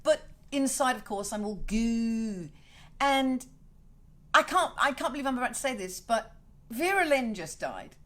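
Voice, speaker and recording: A woman's voice: a little high, lively intonation, measured pace, fairly bright tone. A middle-aged woman from South Wales, hosting a casual livestream rant, emotional and swearing freely as she rambles. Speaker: host.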